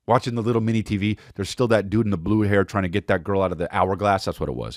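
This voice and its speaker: Male comic podcast host, lively pitch swings, dry close sound, profane storytelling. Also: rapid-fire, few pauses, no echo. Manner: animated, profane, rambling. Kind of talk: comedic storytelling.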